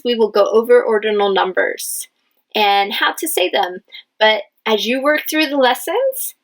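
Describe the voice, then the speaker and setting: A woman English teacher leading a dictation lesson, speaking patiently and spelling out each word clearly. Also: fairly high pitch, rough recording. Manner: patient, enunciates each word, stresses key words. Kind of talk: slow, clear classroom dictation.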